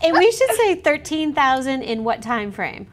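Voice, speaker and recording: A woman's voice: high-pitched, very animated. A woman hosting a panel over a video call, asking questions in an upbeat, encouraging way. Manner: upbeat, encouraging, quick reactions. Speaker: panel host, sales executive.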